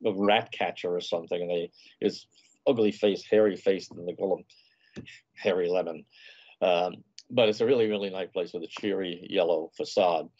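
A man's voice: deep voice, darkish tone, dry recording, dull audio. A man guest on an interview show, a food and travel writer telling leisurely, anecdotal stories in casual conversation.

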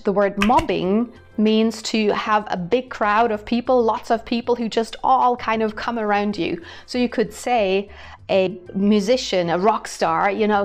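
Young German woman, German accent, chatty language teacher, faint music underneath. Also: medium pitch. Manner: chatty, explains with everyday examples. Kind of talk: explanatory video lesson.

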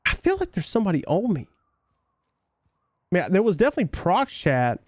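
A man's voice: high voice, wildly swooping pitch, fairly quick, darkish tone, no echo. A young man with a Southern US country twang who does laid-back, slangy live gameplay commentary, reading chat aloud and answering viewers. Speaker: game streamer.

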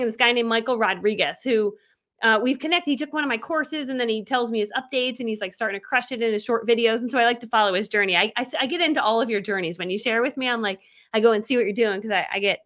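A woman's voice: a little high, a bit bright. A woman in her thirties, a business coach talking casually on a live video, bubbly and chatty with frequent laughs.

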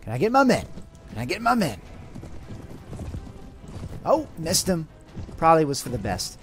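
A man's voice: on the high side, moderate pace, soft background music. A man hosting a let's play, commenting on his game with light roleplay and giving orders to his troops. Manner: animated, excitable, gives orders to troops. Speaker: gaming channel host.

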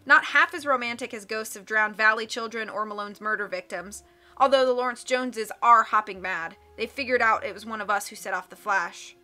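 A woman's voice: on the high side, a little fast, bright, forceful tone, soft background music. A woman voicing a frank young woman detective, sounding tired. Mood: weary.

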